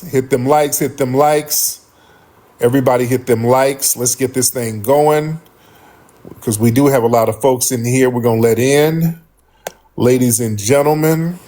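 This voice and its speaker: A man hosting a live stream, talking casually with loud laughter and profane banter. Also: medium pitch. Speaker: livestream host.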